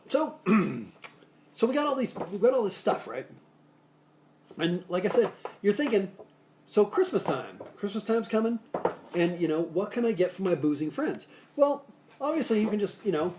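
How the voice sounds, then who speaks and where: A man with a slightly raised pitch hosting a live cocktail show in a loose, jokey way. He rambles through bartending tips, restarts sentences and wanders into asides. There is faint noise behind him. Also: darkish tone. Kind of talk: casual live-stream chat with bartending tips. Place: Salt Lake City area.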